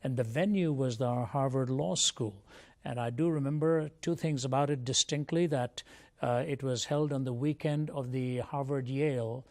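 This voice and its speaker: A man's voice: mid-range voice, moderate pace. An older man from India, a guest speaker, giving an earnest, reflective personal testimony in an interview.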